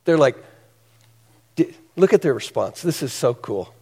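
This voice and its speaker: A man's voice: medium pitch, animated, unhurried, mellow, slightly rough, big-room sound. A male pastor preaching a sermon in an earnest, conversational, emphatic way.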